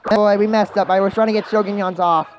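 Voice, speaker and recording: A woman's voice: mid-range voice, steady tone, fast talker. A woman giving casual let's-play commentary, chatty and rambling, who mocks herself and talks to the game characters. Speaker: gaming channel host. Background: game music.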